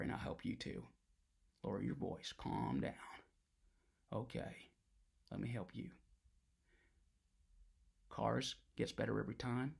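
A man doing a gravelly rattled ex-militant on the phone. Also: on the high side. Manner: one-sided phone call, repeating himself, stammering restarts, swearing. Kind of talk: comedic character monologue.

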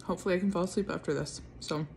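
A woman's voice: on the low side, fairly even intonation, very fast, creaky, a little mellow, slight background noise. A woman talking in a casual late-night vlog, tired and chewing while she speaks. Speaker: vlogger.

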